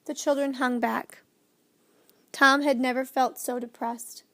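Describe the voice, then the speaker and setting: Woman narrator for a children's audiobook, clear and expressive, high voice. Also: measured pace. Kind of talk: scripted storybook narration.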